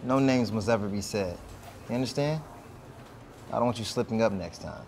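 A man playing a cold, professional male hitman who talks in clipped, flat, dismissive lines. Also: on the low side, normal speed, vocal fry, slight background noise. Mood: firm, dismissive. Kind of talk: web series drama acting.

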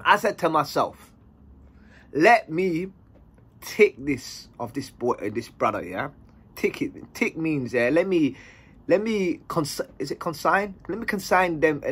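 Animated man. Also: fairly high pitch, slightly rough. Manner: animated, slang-heavy, acts out dialogue. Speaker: storyteller. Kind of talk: casual storytime monologue.

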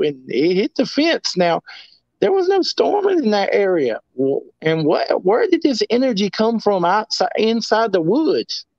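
Male guest, rambling storyteller, slightly high voice, lo-fi dry audio. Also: a little mellow, dry recording. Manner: rambling, many restarts and "I mean". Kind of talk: casual storytelling.

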